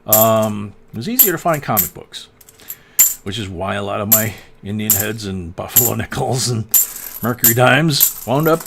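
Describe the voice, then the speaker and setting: Gravelly older man chatting loosely. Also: fairly low pitch, expressive, normal speed, background noise. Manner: rambling, chuckling, many fillers. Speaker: coin channel host. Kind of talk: casual livestream chat.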